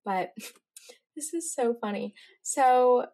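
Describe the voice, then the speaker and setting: A teenage girl hosting her own podcast, telling stories in a chatty, rambling way with quick asides. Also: fairly high pitch, lively intonation, dark tone. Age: teens. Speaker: podcast host. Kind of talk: casual solo podcast chat.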